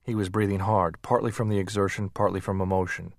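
A man narrating an audiobook in a steady, measured reading voice. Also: low-pitched.

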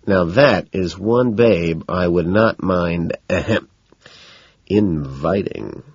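A man's voice: on the low side, big pitch swings, measured pace, a little mellow, breathy edge, no echo, lo-fi sound, exaggerated voice. A man voicing a lewd, lazy young Wall Street man who drawls his words.

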